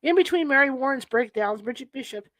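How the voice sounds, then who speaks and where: A woman's voice: sits high, animated, brisk, fairly bright tone, no echo. A woman reading aloud from a history book, often stumbling and restarting over old-fashioned wording. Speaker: reader.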